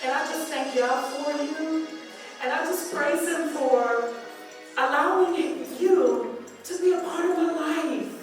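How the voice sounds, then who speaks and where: A woman's voice: high voice, takes it slowly. A woman minister giving a heartfelt birthday tribute, building rhythmic lists of praise in a preacherly way. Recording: echoey hall from far off. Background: music and crowd murmur.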